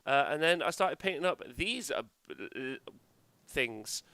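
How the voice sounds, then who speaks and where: Bright, clear-voiced male stream host. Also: fairly high pitch, lively intonation, measured pace, dry recording. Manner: chatty, swears casually, many fillers. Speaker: host of a live wargaming stream. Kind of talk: casual live-stream chat.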